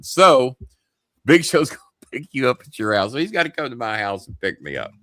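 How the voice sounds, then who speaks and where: A man hosting a show, telling a long story in a profane, animated way. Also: fairly low pitch, brisk, dry recording, clean studio sound. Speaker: show host. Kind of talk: casual storytelling.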